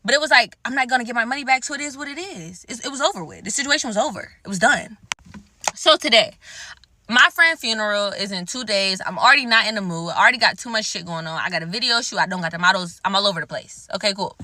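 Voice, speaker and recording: A woman's voice: medium pitch, fast talker, sharp tone, no room sound. A woman telling a story time to her viewers, heated and full of swearing. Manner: heated, profane and emphatic. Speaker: vlogger.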